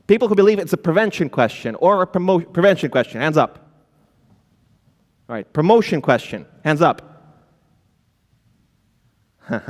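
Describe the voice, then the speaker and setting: Animated man speaking on a conference stage. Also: fairly high pitch. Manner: animated, addresses the audience directly; acts out flustered founders with filler words. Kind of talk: conference talk. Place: conference hall. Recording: long hall reverb.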